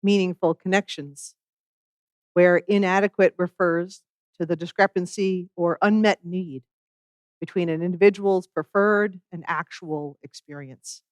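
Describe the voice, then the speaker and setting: A minister giving a sermon in a measured, reflective way, with wry asides. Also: medium pitch, fairly even intonation, clean tone, dry recording.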